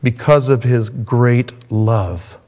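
A man preaching a sermon as a pastor, swinging from raised, intense passages down to hushed, soft ones. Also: mid-range voice, extremely slow.

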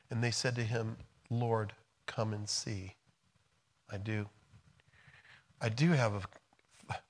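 A middle-aged American man preaching a sermon, moving between quiet, soft passages and loud, emphatic storytelling. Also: lowish voice. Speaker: pastor.

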